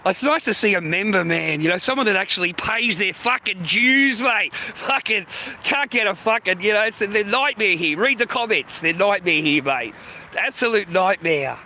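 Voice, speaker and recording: An Australian man on a casual livestream, grumbling and cursing at his viewers with frequent laughs. His voice sits high for a man and sounds bright and forceful. A faint hiss runs under it. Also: lively intonation, normal speed. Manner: swearing, griping, laughs often. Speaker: live streamer.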